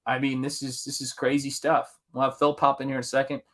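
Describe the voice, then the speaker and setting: A man's voice: mid-range voice, little pitch movement, fast. A middle-aged man hosting a live art stream, chatting casually and enthusiastically with his viewers while he paints. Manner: enthusiastic, rambling, talks to the chat.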